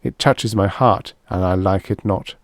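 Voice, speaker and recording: A man voicing a witty Elizabethan gentleman who talks in archaic, theatrical phrasing in an audiobook. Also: low voice, steady tone, measured pace, no room sound, clean studio sound. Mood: wry.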